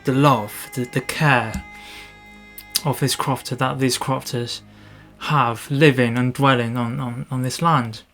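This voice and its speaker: A man narrates his photography vlog in an easygoing, unpolished way, often pausing, backtracking and correcting himself mid-sentence. His voice sits at an ordinary middle pitch. Soft guitar music plays faintly in the background. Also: steady tone. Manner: halting, with many restarts and soft asides. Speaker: landscape photographer.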